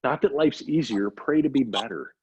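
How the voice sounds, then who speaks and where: Here a doctor, as an interview guest, recounts a story emphatically, repeating things for effect in lively conversation. His mid-range voice is darkish and slightly rough at normal speed, recorded dull and lo-fi without echo.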